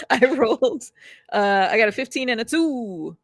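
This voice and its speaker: A woman plays a tabletop role-playing game and speaks in character, chatty and quick to giggle. Her pitch swings widely. The recording is dry and close to the mic. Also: animated, no echo. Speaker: player.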